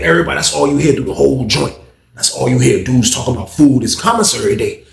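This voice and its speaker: A man telling a story casually, animated and slangy, acting out the people in it. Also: mid-range voice, quick pace, vocal fry. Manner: animated, slangy, voices characters. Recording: roomy echo.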